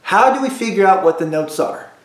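A man's voice: sits high, lively intonation. A man teaching a beginner cello lesson to children, leading call-and-response drills with patient repetition. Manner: slow, patient, repeats drills for kids. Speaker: school music teacher. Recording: echoey room.

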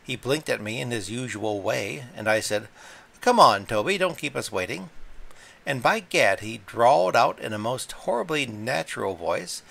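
A man playing an excitable country gentleman who talks breathlessly in agitation. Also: mid-range voice, normal speed, vocal fry. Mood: agitated.

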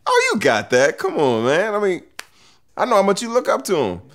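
A man's voice: high-pitched, huge pitch swings, moderate pace. A man playing a friend who laughs often and talks in a playful, scheming way. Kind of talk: scripted comedy acting.

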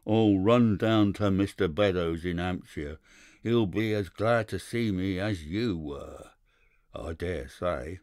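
A man's voice: deep voice, takes it slowly, a little mellow, no echo, studio quality. A man voicing an insolent, half-drunk male seaman who talks sulkily and snarls. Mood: surly.

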